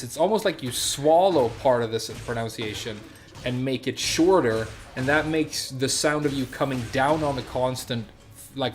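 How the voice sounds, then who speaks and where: A man chatting casually on a stream, rambling with lots of fillers and restarts, with a slight S-sound impediment. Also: medium pitch.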